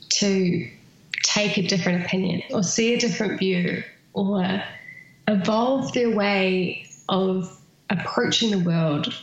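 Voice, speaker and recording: Earnest woman with a gravelly voice in an echoey room. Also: medium pitch, dull audio. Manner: earnest, thoughtful, many fillers. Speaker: interview guest. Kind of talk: reflective conversational interview.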